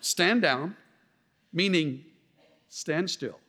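A man preaching a sermon in an animated way, acting out the voices he quotes with sarcasm. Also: fairly high pitch, drawn-out words, big-room sound.

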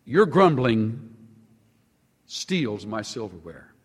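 A man preaching a sermon to a congregation, animated, stretching out key words for emphasis. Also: slightly rough, long reverb tail. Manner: animated, sweeping pitch swings with slow drawn-out emphasis. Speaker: pastor.

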